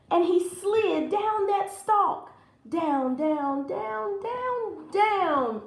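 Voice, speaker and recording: A woman teacher reads a children's story aloud slowly and expressively. Her voice sits fairly high and swings widely. The room around her is roomy and echoing. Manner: expressive and animated. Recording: roomy echo.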